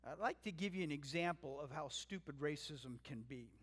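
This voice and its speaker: A man's voice: fairly high pitch, animated, fairly quick, fairly bright tone. A man from Canada preaching a sermon as pastor, earnest and emphatic, mixing teaching with family storytelling. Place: church sanctuary. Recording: long hall reverb.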